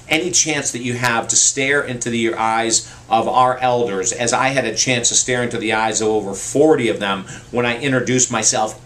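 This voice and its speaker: A male motivational speaker at a middle pitch, talking straight to his viewers. He is earnest and heartfelt, leans on repetition to drive his points home, and turns lively when he retells what people told him. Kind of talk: personal storytelling message to camera.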